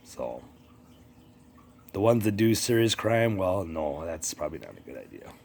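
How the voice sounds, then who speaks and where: A man's voice: sits low, very animated, normal speed, creaky, darkish tone, a little hiss or hum. A man ranting casually to his channel's viewers, rambling and swearing as he talks straight to politicians who aren't there. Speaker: vlogger. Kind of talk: casual rant to camera.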